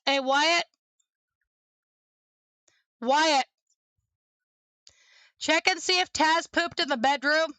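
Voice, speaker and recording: A young woman chatting casually at home while studying, cooing baby talk to her dog in a creaky voice. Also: sits high, drawn-out words, long pauses, sharp tone, dry recording. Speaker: streamer. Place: home room with a desk and green screen.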